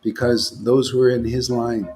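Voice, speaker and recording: A man's voice: medium pitch, level tone, moderate pace, a little mellow. A man, a monk leading a devotional gathering, giving a rambling informal talk and often checking in with his listeners. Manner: rambling, keeps asking listeners "you know?". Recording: music playing behind the voice.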